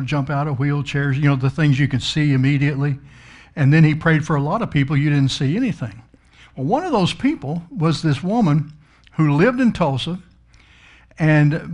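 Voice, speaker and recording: A man's voice: a little high, a little mellow. A middle-aged man preaching, telling a story in a folksy, emphatic way. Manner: folksy, emphatic, swells up on key words. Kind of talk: storytelling sermon.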